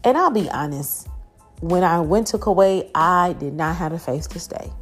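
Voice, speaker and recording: A woman's voice: on the low side, lively intonation, normal speed, soft background music. A woman hosting a podcast and preacher, sharing an earnest faith testimony with many fillers and restarts.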